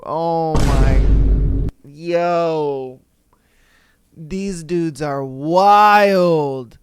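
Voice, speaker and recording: A man's voice: high voice, expressive, extremely slow, long pauses, clear, resonant tone. A man hosting a podcast, reacting to reader stories in casual, slangy commentary with frequent laughter and disbelief. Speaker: podcast host.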